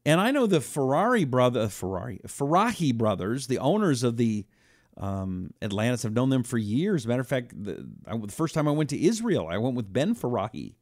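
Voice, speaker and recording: A man's voice: mid-range voice, a little fast, no echo, clean studio sound. A man hosting a talk radio show, telling stories and acting out quotes. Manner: animated storytelling, acting out quotes.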